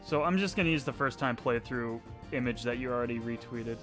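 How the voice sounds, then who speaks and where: A man's voice: medium pitch, brisk, music in the background. A young man streaming a game, chatting casually and rambling as he plays. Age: young adult. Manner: chatty, rambling, often laughing. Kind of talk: casual let's-play chat.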